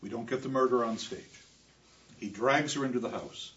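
Male lecturer, high bright voice, emphatic, heard from afar on a dull recording. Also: moderate pace, distant mic. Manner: expressive, with emphatic repetitions. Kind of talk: classroom lecture.

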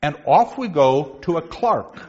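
A male literature lecturer speaks in a theatrical, joking classroom style. His voice is fairly high and swings widely in pitch. The recording sounds dull and lo-fi. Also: animated, unhurried, a little mellow.

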